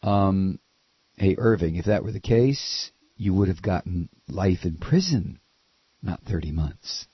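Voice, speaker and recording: A man's voice: deep voice, animated, measured pace, slightly rough, dry recording. Sarcastic, ranting male talk host. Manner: sarcastic, scornful, mocking. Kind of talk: political commentary rant. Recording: dull lo-fi dry recording.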